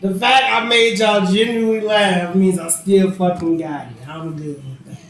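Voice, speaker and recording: A man's voice: sits high, normal speed. A man hosting a podcast, telling a funny story in casual chat, laughing and acting out what people said. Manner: animated storyteller, laughing, swearing, acts out quotes. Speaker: podcast host. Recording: very echoey room.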